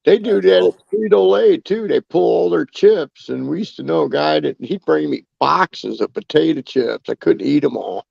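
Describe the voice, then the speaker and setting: A man's voice: on the high side, expressive, moderate pace, vocal fry, hardly any pauses, darkish tone, dry recording, muffled recording. A man, chatting casually and a bit crudely on a podcast. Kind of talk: casual chat.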